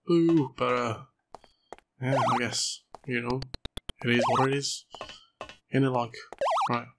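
Gamer, hoarse, excitable, swears a lot, noisy recording. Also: male voice, medium pitch, a little slow. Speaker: gaming channel host. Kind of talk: let's play commentary.

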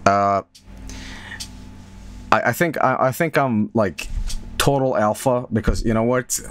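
A man's voice: medium pitch, unhurried, fairly bright tone, a little hiss or hum. A man streaming live, chatting casually about viewer art, rambling, laughing often and repeating phrases.

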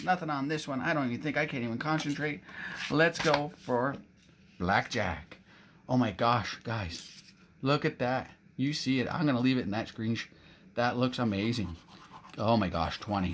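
Against background noise, a middle-aged man from Canada talks at normal speed in a mid-range voice while scratching lottery tickets for his vlog. His excited, casual commentary is full of exclamations, and he addresses viewers as "guys."

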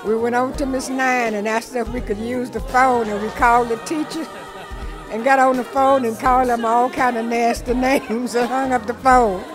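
A woman in her seventies telling a lively, funny story from her youth as a birthday message. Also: a little high, normal speed. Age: 70s. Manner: lively storyteller, acts out voices from memories. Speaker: birthday well-wisher. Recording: music and crowd noise behind.

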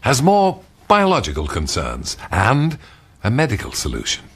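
A man's voice: medium pitch, wildly swooping pitch, moderate pace, breathy edge. A man hosting a viewers' feedback programme in a playful, mock-grand and teasing manner. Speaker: host. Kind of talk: scripted studio presenting.

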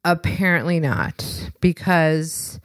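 A woman with a lowish voice tells a story on her podcast in a casual chat. She is animated and wry, and she acts out what each person said. The sound is close and dry, with no room echo. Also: slow. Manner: animated, acts out both sides of conversations; exasperated, wry. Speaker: podcast co-host.

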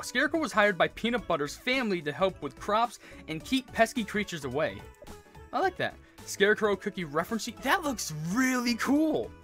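A man hosting a gaming channel, gushing with excitement and stumbling over his words as he plays, with game music behind him. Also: high voice. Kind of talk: excited let's play commentary. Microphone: earphones with mic.

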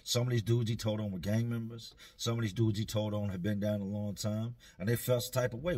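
Husky laid-back male storyteller. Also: fairly low pitch, steady tone, brisk, few pauses, darkish tone. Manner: laid-back, slangy, dry. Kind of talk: casual storytelling.

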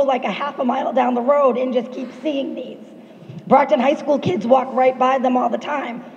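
A hoarse woman speaks up at a public meeting. Her high, gravelly voice carries rambling, pressing questions. The recording is dull and echoey, with a long reverb. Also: darkish tone. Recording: dull, echoey hall recording with faint noise.

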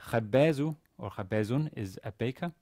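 A man giving a university grammar lecture, pausing often with fillers and restarting his sentences. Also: mid-range voice, expressive, dark tone, no room sound, studio quality. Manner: hesitant, many fillers and restarts. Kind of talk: classroom lecture. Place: university classroom.

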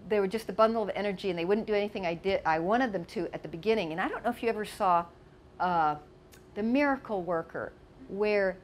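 Woman, casual reminiscing, chatty, asides and restarts, middle pitch, light background noise. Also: quick pace. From United States. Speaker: storyteller. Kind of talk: casual reminiscing over photos.

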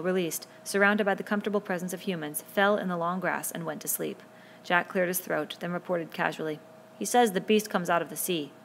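Gravelly-voiced woman reading a novel. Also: fairly low pitch, a bit bright, slight background noise. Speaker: audiobook reader. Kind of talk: novel narration.

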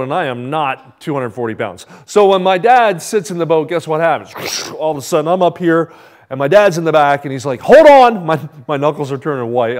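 A middle-aged man preaches by telling a story from his own life. His voice sits a little high, and he keeps it animated, acting out each person's lines and checking in with the congregation. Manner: animated storytelling, acts out quoted voices, asks the congregation "right?". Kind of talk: sermon storytelling.

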